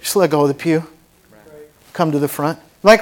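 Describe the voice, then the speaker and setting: A man with a fairly high voice preaches fairly quickly as pastor to a congregation in a church sanctuary. His sermon is fervent yet conversational, with asides along the way.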